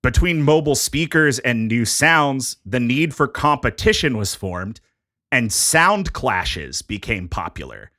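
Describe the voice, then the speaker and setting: A man's voice: medium pitch, big pitch swings, measured pace, bright, forceful tone, dry recording, clean studio sound. A man hosting a casual podcast, presenting a music history topic from prepared notes in a jokey, conversational way.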